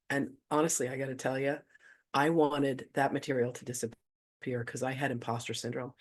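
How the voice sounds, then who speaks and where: A host of a live online spiritual gathering telling a story in a casual, gushing way. They chuckle often and swear casually. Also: mid-range voice. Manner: effusive, gushing, cusses casually.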